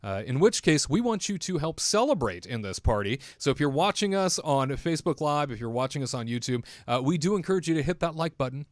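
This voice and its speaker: A man's voice: on the high side, big pitch swings, brisk, few pauses, no echo. Showy man hosting a live stream, dry sound. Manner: showy, hype-man delivery with playful put-on voices. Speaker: host of a theme park news livestream. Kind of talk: animated livestream hosting.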